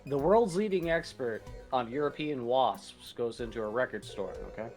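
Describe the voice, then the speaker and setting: A man's voice: mid-range voice, animated, moderate pace, darkish tone, faint music behind. Rambling man telling shaggy-dog jokes. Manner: rambling storyteller, repeats and restarts phrases. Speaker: co-host on a stream. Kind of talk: casual joke-telling.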